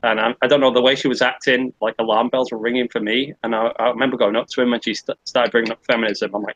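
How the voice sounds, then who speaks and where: Male podcast co-host, husky dry voice, rambling sweary storyteller. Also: mid-range voice, steady tone, fast, hardly any pauses, a bit bright, dry recording, muffled recording. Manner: rambling anecdote with swearing and impressions. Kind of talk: casual storytelling chat.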